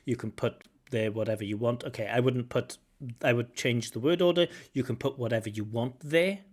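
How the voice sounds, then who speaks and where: A man working as a language examiner, giving lively spoken feedback on a candidate's test, recorded over a video call. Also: medium pitch, brisk. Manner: animated, acts out intonation with singsong syllables.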